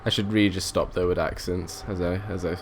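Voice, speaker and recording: A young man gives casual commentary over a train simulator game, talking at a slightly low pitch. He rambles, thinks aloud and often stops to restart his sentences. Faint background noise sits under his voice. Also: fairly even intonation, a little fast. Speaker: let's play gamer.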